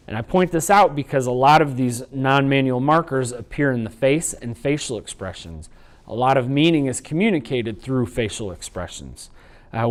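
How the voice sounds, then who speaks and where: In a training video recording, a man with a mid-range voice teaches a sign language training unit as an instructional lecture. He explains patiently and slows down to demonstrate.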